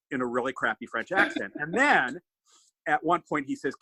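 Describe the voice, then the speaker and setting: A man hosting a podcast, riffing on a movie in an animated, swearing, casual chat. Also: medium pitch, brisk, no room sound, low-quality recording. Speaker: podcast host.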